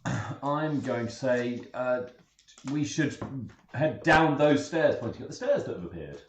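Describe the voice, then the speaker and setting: Guy player, halting and lively, roomy echo. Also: mid-range voice, lo-fi sound, a little hiss or hum. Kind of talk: casual chat at a game table. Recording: echoey room.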